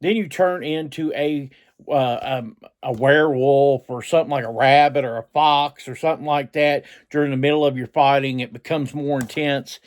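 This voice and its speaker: A middle-aged man hosting a reselling vlog, talking in an excitable, rambling way and often repeating himself. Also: mid-range voice, moderate pace. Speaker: reseller channel host. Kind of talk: casual vlog talk.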